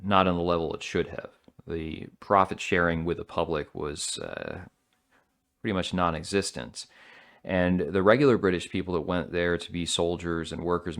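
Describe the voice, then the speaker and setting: Male solo commentator, deep voice, blunt and sardonic, rambling delivery.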